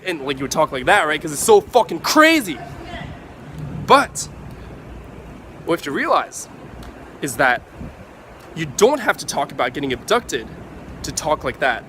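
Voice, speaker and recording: A man vlogging to camera, giving casual advice in an animated way, swearing freely and acting out excited examples. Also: on the high side, a little fast, slight background noise.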